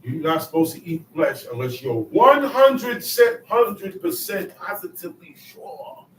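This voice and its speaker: Guy preaching bible study, high lively voice, acts out quotes, echoey room and far mic. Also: unhurried. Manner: emphatic, acts out quotes, calls to listeners. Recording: echoey room, distant mic, faint noise.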